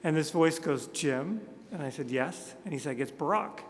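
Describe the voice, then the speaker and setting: Speaking at a conference, a Montana man in his thirties delivers a funny, self-deprecating keynote in a slightly high, expressive voice at a moderate pace. His storytelling is sprinkled with jokey asides, and the big hall's long reverb echoes around him.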